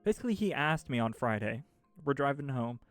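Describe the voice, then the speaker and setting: A man's voice: mid-range voice, very animated, brisk, soft background music. A man streamer venting to chat in a rambling, exasperated way, swearing often and laughing mid-sentence. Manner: rambling with restarts and filler. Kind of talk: casual ranting chat.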